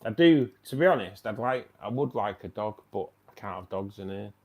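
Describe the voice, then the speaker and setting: Man, british accent, gravelly low voice, casual slangy stream host, chatty. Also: lively intonation, moderate pace. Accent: British English. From United Kingdom. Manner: chatty and slangy, laughs often. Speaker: aquarium channel host. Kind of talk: casual livestream chat.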